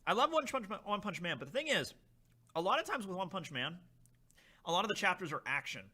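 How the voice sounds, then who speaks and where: A young man hosts a casual livestream, reading viewer messages aloud as he rambles on. His voice sits fairly high and bright, with lively swings in pitch. He talks in an easygoing, animated way. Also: fast. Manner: reads chat aloud, tastes snacks, animated and rambling. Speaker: livestream host.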